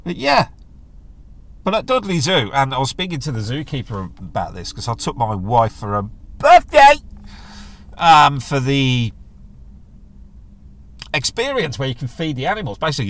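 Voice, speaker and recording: A middle-aged man, hosting a casual solo podcast in a jokey, rambling manner. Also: medium pitch. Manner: chatty, jokey, does silly voices when quoting others. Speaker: podcast host.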